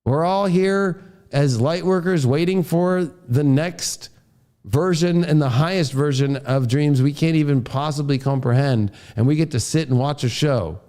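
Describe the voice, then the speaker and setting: An adult father with a high-pitched voice turns an astrology forecast into a fierce rant packed with expletives. His delivery is heated and combative yet measured in pace, with a dark tone.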